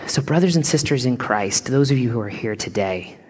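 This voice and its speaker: A woman pastor preaching a sermon in an earnest, emphatic way, slowing on key words and sometimes dropping to a hushed whisper. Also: very deep voice, animated, husky.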